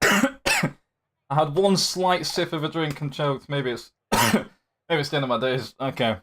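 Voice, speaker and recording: A young sim racing streamer speaks in a slightly high, unhurried voice as he commentates his own race live. Animated despite the easy pace, he talks to fellow drivers and viewers while racing.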